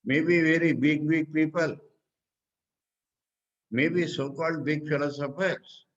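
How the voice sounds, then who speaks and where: A man with an Indian English accent, a monk and teacher giving a spiritual discourse on scripture. He explains slowly, asking questions and then answering them himself. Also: fairly high pitch, fairly even intonation, highs cut off.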